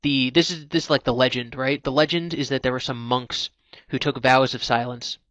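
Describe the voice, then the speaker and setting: A man's voice: medium pitch, steady tone, normal speed, fairly bright tone, no echo. A man hosting a casual live stream, explaining at length with lots of "like"s and restarts. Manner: chatty, explains at length with many "like"s. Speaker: podcast host.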